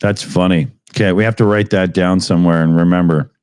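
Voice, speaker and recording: A man from Canada co-hosting a casual chat show, talking bluntly with plenty of swearing and lively storytelling. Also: deep voice, a little fast, clear, resonant tone, no echo, studio quality. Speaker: podcast co-host.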